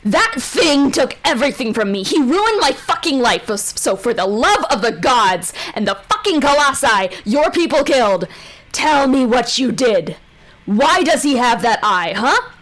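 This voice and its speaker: Woman doing a raging, cursing woman adventurer, high voice. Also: expressive, a little slow. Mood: furious. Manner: swearing, shouting, desperate.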